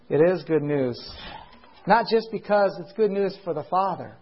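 In a meeting hall before his congregation, a male preacher delivers a sermon slowly, stretching key words for emphasis. His high voice has a slight huskiness, and he keeps posing rhetorical questions to his listeners. The recording is muffled, dull, and lo-fi.

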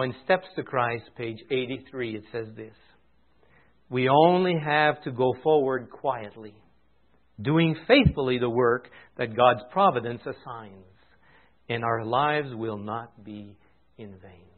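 An older man preaching a storytelling sermon, swinging from loud and excited to soft and hushed. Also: medium pitch. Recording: tinny phone-like sound.

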